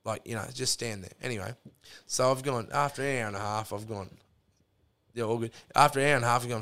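Aussie guy rambling thru a yarn, swears a lot, um and like everywhere, average pitch. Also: fast, a bit bright, smooth. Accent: Australian. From Australia. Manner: rambling, heavy swearing, lots of fillers. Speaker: podcast guest. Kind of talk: casual storytelling chat.

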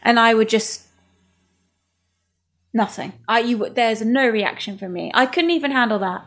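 Woman, kinda high voice, blunt and sweary. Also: a little slow, a bit bright. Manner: candid, swears freely. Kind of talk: casual podcast chat.

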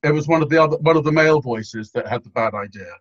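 A man's voice: on the high side, quick pace, no echo. An Englishman with a posh accent chatting on a podcast panel, with dry, understated humour, on muffled audio. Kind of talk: casual panel chat.

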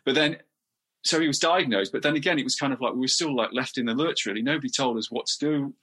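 His voice mid-range, husky, pushed and bright, a middle-aged English interview guest speaks with candor. The talk is halting, with frequent restarts and repeated words.

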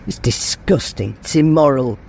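A woman's voice: rumbling low, moderate pace, vocal fry, a little mellow, exaggerated voice. A woman voicing an indignant, bigoted older village woman who rants in outrage. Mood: outraged. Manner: ranting, outraged.

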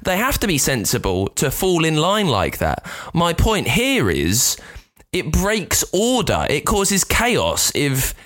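Lively man telling stories. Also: fairly high pitch, takes it slowly. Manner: animated, jumpy storytelling with lively swings. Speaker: podcast co-host. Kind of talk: casual chat, storytelling.

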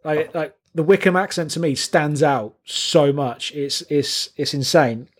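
A man chatting casually about local accents, halting and repeating words as he starts his sentences. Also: on the high side, husky.

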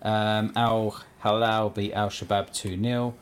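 A man's voice: lowish voice, level tone. Man rattling off football scores. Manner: reads out results in a halting list, stumbles over names. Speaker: podcast co-host. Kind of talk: casual football chat.

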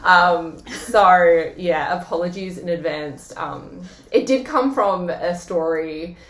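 A woman's voice: on the low side, slow pace. A woman in her thirties with an Australian accent, co-hosting a podcast and telling stories in a giggly, casual way. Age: 30s. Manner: giggly, animated storyteller. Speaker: podcast co-host. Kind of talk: casual chat. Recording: roomy echo.

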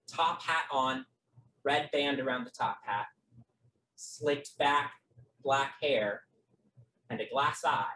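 Slow, halting tabletop game master. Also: mid-range voice, fairly bright tone, a little hiss or hum. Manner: halting, many fillers and restarts. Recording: roomy, from a distant mic.

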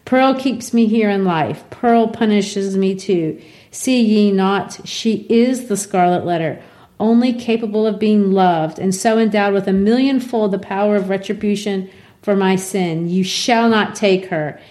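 A woman's voice: medium pitch, measured pace, dark tone, lightly acted. A woman acting a defiant young Puritan mother. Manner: impassioned archaic pleading.

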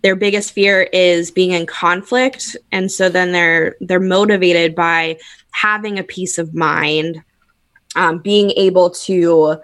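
A woman expert speaks in a lowish voice, explaining patiently and dotting her sentences with "like" and "um". The sound is close and dry, with no room in it. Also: slow, dry recording. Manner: steady explaining, frequent "um" and "like". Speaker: Enneagram expert guest. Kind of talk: explanatory conversational chat.

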